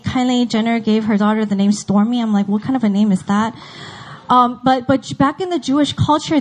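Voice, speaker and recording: A woman's voice: a little high, darkish tone, poor audio. A woman teaching a Bible story in a casual, chatty way, acting out the characters' lines.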